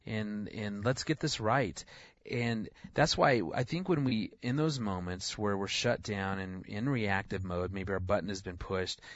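A man's voice: lowish voice, unhurried, no room sound, lo-fi sound. A man, a guest on a radio show, speaking earnestly about parenting, with frequent restarts. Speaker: guest, marriage and family counselor. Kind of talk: radio interview.

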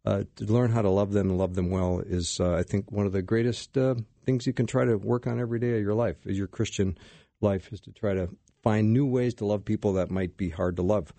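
Joking low-voiced radio host man. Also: steady tone, a little fast, gravelly, mellow, no room sound. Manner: casual, self-deprecating, joking. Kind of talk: Christian talk radio conversation.

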